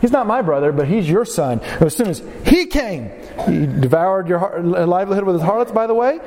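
A man's voice: high voice, lively intonation, a little fast, a little mellow, big-room sound. A man voicing a resentful older brother who complains sarcastically, as a quote within his sermon. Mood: sarcastic.

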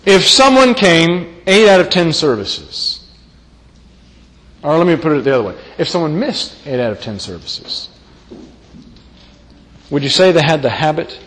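A man preaches a sermon emphatically in a church meeting hall, repeating key phrases and posing rhetorical questions to his listeners. His voice is fairly high and bright, and the large hall gives it a long reverb.

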